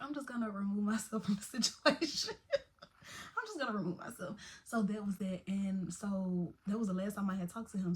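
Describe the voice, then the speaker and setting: Young woman, casual storytime vlogger, lively slangy delivery, slight background hiss. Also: mid-range voice. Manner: chatty, animated, Southern-tinged slang like "baby" and "y'all".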